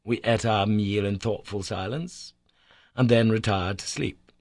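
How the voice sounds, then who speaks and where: A man reading a classic adventure novel aloud as an audiobook narrator, measured and storytelling, lifting his voice for emphasis. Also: steady tone, darkish tone, no room sound. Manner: measured storytelling, lifts pitch and volume for emphasis.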